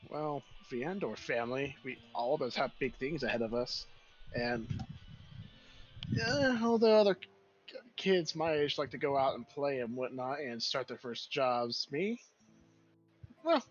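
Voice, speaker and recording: A man voicing an excitable young royal third heir who rambles and corrects himself mid-sentence. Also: medium pitch, highs cut off. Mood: earnest.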